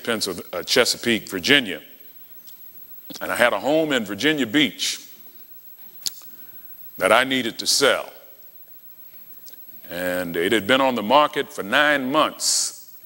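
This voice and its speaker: A man's voice: lowish voice, lively intonation, unhurried, long pauses, pushed and bright. A man preaching a sermon, telling stories with dramatic flair and acting out the dialogue. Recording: long hall reverb.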